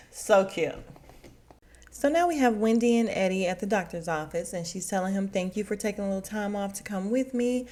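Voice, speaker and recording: A woman's voice: medium pitch, expressive, normal speed, mellow. A young adult woman hosting her own podcast, chatting casually and laughing as she acts out quotes in big voices. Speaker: podcast host recapping a reality show. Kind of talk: casual chat.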